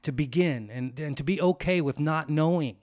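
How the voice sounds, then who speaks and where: A man's voice: a little high, normal speed, a little mellow, dry recording, clean studio sound. Reflective man in casual podcast chat. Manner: reflective, frequent "you know" and restarts.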